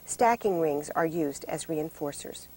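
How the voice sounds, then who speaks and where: Low-voiced woman narrating a lesson. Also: dark tone, slight background noise, low-quality recording. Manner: measured, explanatory. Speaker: narrator of a training video. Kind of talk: scripted narration.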